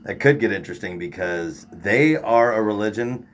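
A man's voice: lowish voice, expressive, normal speed, a little hiss or hum. A man co-hosting a podcast, talking in loose, crude, joking banter. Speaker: podcast co-host.

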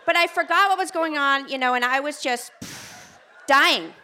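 An American woman telling a personal story on a theater stage, animated and self-mocking, acting out what people said. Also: sits high, normal speed. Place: theater stage before an audience.

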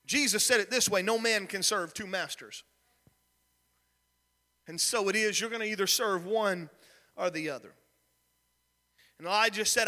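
A young man preaching a sermon, telling a story with shouted peaks and sudden soft drops. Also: high-pitched, moderate pace, pauses often, in a large hall. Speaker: pastor.

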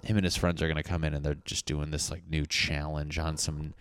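A man's voice: extremely low pitch, little pitch movement, brisk, fairly bright tone, clean tone, no room sound, clean studio sound. A man talking casually to camera as a comedian, in a profane, teasing, mock-insulting rant. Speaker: comedian vlogger.

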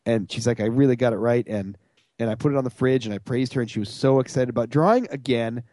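A man's voice: medium pitch, fast, warm tone, no room sound. A man co-hosting a podcast, telling stories in casual chat with a self-mocking tone. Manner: self-mocking storyteller, acts out voices. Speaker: podcast co-host.

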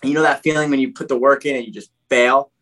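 Young man, casual podcast guest, animated storyteller, keeps saying dude, restarts a lot. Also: medium pitch, fast.

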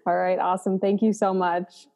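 A woman from the Boston area hosting a podcast, chatting warmly and gratefully and laughing easily. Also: fairly low pitch, little pitch movement, moderate pace, gravelly. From Boston area, USA. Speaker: podcast host. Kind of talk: casual interview chat.

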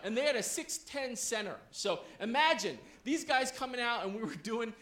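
High, bright-voiced preacher in an echoey hall. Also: male voice, moderate pace. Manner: animated, checks in with the audience. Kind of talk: storytelling sermon.

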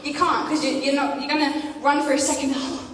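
A woman's voice: high-pitched, fairly even intonation, fairly quick. A woman giving a casual, playful youth sermon, chatting and teasing her listeners with questions. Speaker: youth preacher. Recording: echoey hall from far off.

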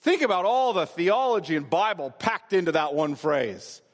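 A pastor delivers a sermon in a church sanctuary, unpacking scripture and driving his points home through emphatic repetition. His voice is high-pitched and highly animated, moving at a moderate pace. The recording carries a long hall reverb.

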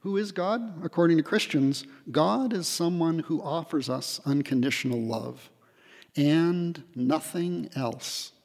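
A man giving a spiritual retreat talk in a hall, reflective and gently humorous, pausing often with fillers. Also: on the high side, gravelly. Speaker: retreat speaker.

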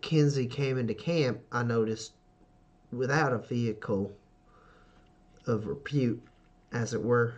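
A man's voice: medium pitch, darkish tone, highs cut off, lightly acted. A man putting on a timid, dutiful woman. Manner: hesitant, halting, deferential. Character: timid, stiff woman warrior, dutiful daughter.

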